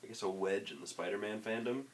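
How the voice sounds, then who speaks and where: A man co-hosting a podcast in casual chat, lively and chiming in with quick reactions. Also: lowish voice. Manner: lively, quick to laugh and chime in. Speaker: podcast co-host.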